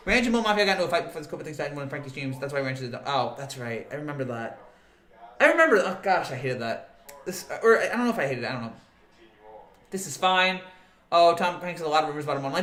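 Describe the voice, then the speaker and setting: A man's voice: a little high, lively intonation, quick pace, fairly bright tone. A man hosting a casual livestream, rambling as he reads and answers viewer comments and often laughing. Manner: rambling, laughing, with frequent fillers and restarts. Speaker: livestream host. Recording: roomy echo.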